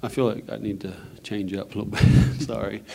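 A man with a low voice tells his testimony to a church congregation. He speaks softly and hesitantly, pausing often as he finds his way. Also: steady tone, vocal fry, slight background noise. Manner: hesitant, soft-spoken. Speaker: church member giving testimony. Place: church sanctuary.

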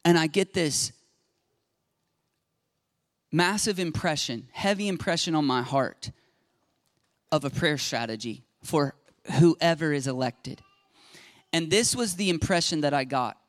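A man preaches a sermon in a casual, storytelling way, tossing chatty asides to his congregation. His voice sits a little high for a man. The sound is dry and close. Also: animated, unhurried, pauses often, no echo. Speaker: pastor. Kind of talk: conversational sermon.

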